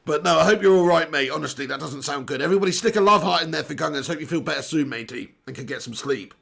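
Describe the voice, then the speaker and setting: A man's voice: fairly high pitch, quick pace, creaky, a bit bright. A young English man with a strep throat chatting bluntly on a football watch-along, reading out viewer comments. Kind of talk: live casual commentary reading chat.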